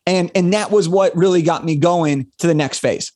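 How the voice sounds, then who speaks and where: A man in his late twenties, a guest telling an energetic story on a podcast and acting out the quotes. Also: sits high, a little fast, few pauses. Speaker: guest, speaker and author.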